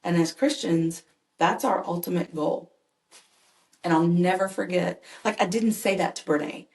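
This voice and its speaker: A woman's voice: fairly low pitch, a little slow, creaky, darkish tone. A woman, a mother and caregiver, telling personal stories earnestly and animatedly as a podcast guest. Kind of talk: conversational personal storytelling. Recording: echoey room.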